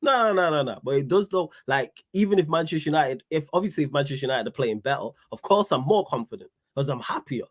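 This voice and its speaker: A man's voice: a little high, lively intonation, fast talker, hardly any pauses. A man co-hosting a football podcast, talking in casual banter and defending himself with self-assured confidence. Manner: self-assured, argues back. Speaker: podcast co-host.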